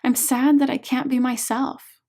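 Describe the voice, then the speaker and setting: A woman's voice: high-pitched, flat delivery, a little slow, mellow. A woman reading an audiobook, voicing a troubled adult woman client who speaks emotionally and confessionally during a therapy session. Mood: sad.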